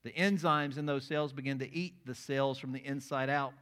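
A man preaching a sermon with a mid-range voice, neither high nor low. His delivery is dramatic, falling to near-whispers and then rising to loud, ringing cries as he reads and retells scripture. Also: steady tone, moderate pace. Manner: dramatic, shifts from hushed to loud. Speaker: pastor.

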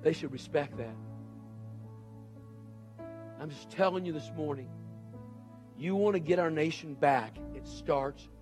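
A man's voice: on the high side, unhurried, long pauses, a little mellow, faint music behind. A middle-aged man preaching a sermon as pastor, earnest and pleading, with repeated urgent appeals to his congregation.

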